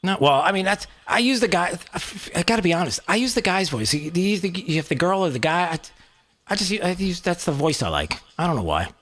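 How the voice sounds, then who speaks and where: Animated, joking male radio host. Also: high voice, brisk. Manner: rambling, joking, lots of restarts. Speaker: radio talk show host. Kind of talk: casual talk radio chat. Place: radio studio.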